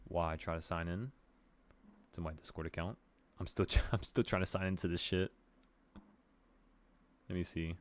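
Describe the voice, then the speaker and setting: Speaking at normal speed in a low voice with frequent pauses, this man runs a relaxed late-night trading stream. He goes over charts loosely and offhandedly, swearing occasionally and addressing viewers as "bro."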